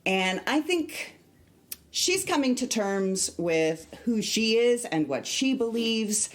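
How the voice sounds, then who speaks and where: A woman theatre director explains a play on a podcast. Her speech is slow and measured, and her pitch rises and falls a great deal. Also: animated. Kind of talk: casual podcast chat.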